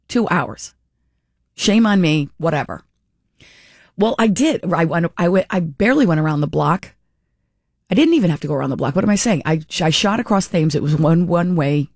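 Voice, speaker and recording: A woman's voice: on the low side, a little mellow, no echo, studio quality. A middle-aged woman telling a rambling, casual story, chatty and amused, often correcting herself mid-sentence. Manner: chatty and rambling, with frequent restarts and self-corrections.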